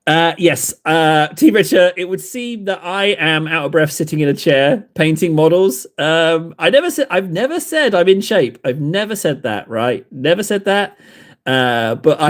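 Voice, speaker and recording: A man's voice: on the high side, animated, moderate pace. A man hosting a livestream, chatting while painting miniatures, self-mocking and rambling, a little out of breath. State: slightly out of breath. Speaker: livestream host. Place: hobby desk indoors.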